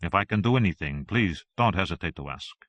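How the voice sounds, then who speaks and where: A man's voice: low-pitched, expressive, fairly quick, a bit bright, no room sound. A man narrating an audiobook, voicing a polite, disarming man with a slight Italian accent. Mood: courteous. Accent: slight Italian, as played.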